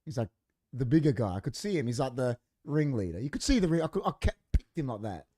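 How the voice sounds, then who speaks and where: This fast-talking man has a mid-range voice. He's a podcast co-host telling a story in casual studio chat, animated and acting out what people said.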